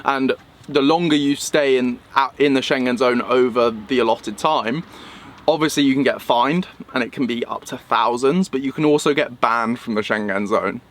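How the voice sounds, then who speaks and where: A young man from England recounting a travel mishap in a vlog, animated and acting out the people he met. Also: medium pitch, normal speed. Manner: animated retelling, acting out quoted voices. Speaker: vlogger. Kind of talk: storytelling vlog.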